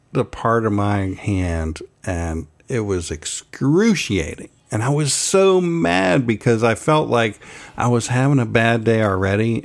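A man's voice: on the low side, darkish tone. A man co-hosting a podcast, telling a family story in casual chat and acting out the quotes with animation. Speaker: podcast co-host, father.

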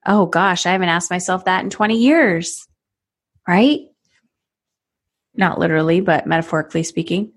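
A woman's voice: on the low side, normal speed, pauses often. A woman in her thirties, a parenting coach, talking in a podcast conversation and acting out little scenes in different voices. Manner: animated, acts out scenes with voices.

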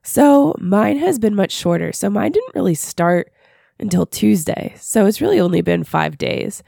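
A woman co-hosting a podcast, hoarse and husky from a sinus infection, talking in a dry, matter-of-fact way. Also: mid-range voice, lively intonation, unhurried, warm tone, dry recording. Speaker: podcast co-host. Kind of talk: casual chat.

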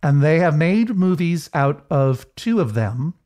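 A man's voice: on the high side, very animated, unhurried, darkish tone. A man co-hosting a podcast in casual chat, rambling with many restarts. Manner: rambling, chatty, lots of restarts. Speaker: podcast co-host.

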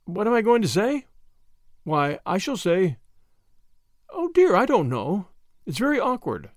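A man voicing an eager, impatient young woman detective who talks in a lively, plucky way. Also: high-pitched, a little slow, no echo, clean studio sound, full character voice. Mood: playful.

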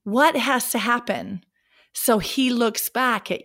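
A middle-aged woman hosting a solo podcast, her voice scratchy from a cold, talking animatedly, laughing and clearing her throat. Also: on the high side, measured pace, a bit bright. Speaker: podcast host. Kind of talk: casual solo podcast talk.

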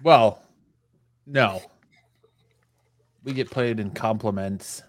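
A man's voice: on the low side, very slow. A man co-hosting a podcast, telling wry, laid-back stories in casual chat. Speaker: podcast co-host.

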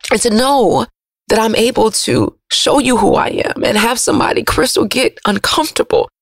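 A woman radio host, giving an emotional, preachy motivational monologue that swings from loud to soft. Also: fairly high pitch, moderate pace, gravelly, no room sound, clean studio sound.

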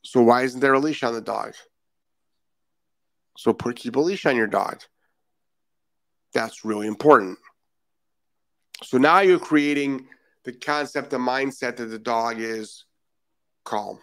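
Man, dog trainer host, blunt and emphatic, gravelly voice, dry close sound. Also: mid-range voice, measured pace, long pauses, dry recording. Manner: blunt, emphatic, repeats key points. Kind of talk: live-stream talk. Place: Florida.

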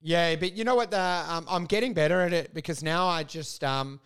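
Guy, high voice, crude ranting podcast co-host who mimics people mid-story. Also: fairly quick, a bit bright, clear, resonant tone. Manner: ranting, crude, laughing, acts out quoted voices. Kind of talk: casual chat.

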